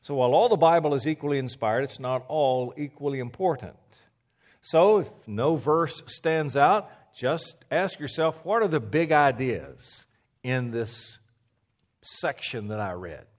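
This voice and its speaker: A man preaching a teaching sermon, emphatic, repeating key phrases and dropping to a low hush for stress, with a few stammers. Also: lively intonation, unhurried.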